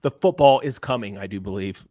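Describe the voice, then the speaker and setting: A man's voice: lowish voice, a little fast, warm tone, no echo, studio quality. A man co-hosting a sports podcast, chatting casually and giving firm, emphatic opinions. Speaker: podcast co-host.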